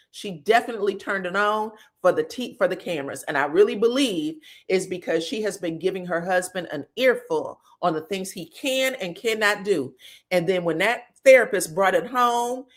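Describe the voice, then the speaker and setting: A woman hosting a live reaction stream, recapping reality TV drama in an animated, emphatic way and laughing often. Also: mid-range voice, moderate pace. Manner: acts out cast members' lines in quoted voices. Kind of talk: live gossip reaction chat.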